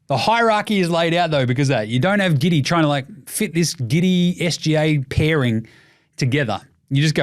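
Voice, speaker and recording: Aussie bloke ranting about basketball, swears a lot, joking, kinda high voice. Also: male voice. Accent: Australian. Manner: fast, sweary, jokey, animated. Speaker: podcast host. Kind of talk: casual sports commentary.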